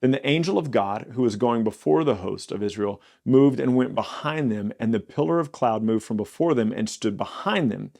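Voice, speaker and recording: A man's voice: mid-range voice, animated, vocal fry, warm tone. A man hosting a Bible podcast, teaching in a casual, conversational way and briefly acting out the quoted lines. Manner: conversational, acts out God's lines with quick quirky quotes.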